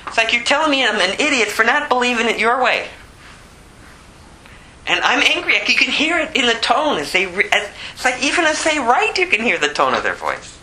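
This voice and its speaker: A man's voice: extremely high pitch, big pitch swings, fairly quick, pushed and bright, low-quality recording. A man giving an informal sermon as a Bible teacher, emphatic and conversational, repeating phrases for effect. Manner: conversational with asides.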